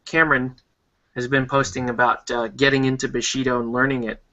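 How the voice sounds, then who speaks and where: A man in casual chat about games and conventions, hesitant with frequent pauses and ums. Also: mid-range voice, level tone, pushed and bright. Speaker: podcast co-host. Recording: dull lo-fi sound.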